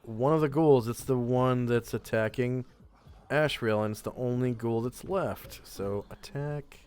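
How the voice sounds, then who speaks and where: A man narrating a tabletop game as game master, in a measured, unhurried way with fillers. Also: medium pitch, darkish tone, smooth.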